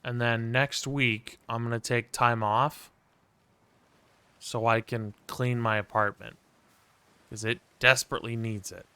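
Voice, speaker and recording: Male streamer, bright clear voice, profane wry ranting over gameplay, dry close mic. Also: medium pitch, level tone, unhurried, pauses often, dry recording. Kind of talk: casual gameplay commentary.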